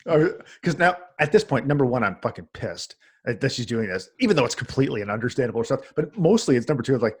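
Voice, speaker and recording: A man, a husky voice, chatting casually as a podcast co-host and telling an animated, swearing story. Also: medium pitch, fast. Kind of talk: casual chat among friends.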